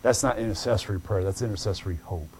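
A male preacher giving a fervent sermon, calling out to the congregation and swinging between shouting and hushed tones. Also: lowish voice, fast, slightly rough.

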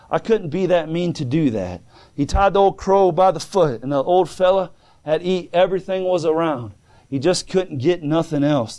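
A male preacher with a somewhat high voice, delivering a sermon in a fervent, folksy way. He tells homely stories in plain speech and swings from soft pleading to ringing calls. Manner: folksy plain-spoken storytelling. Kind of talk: sermon answering written questions.

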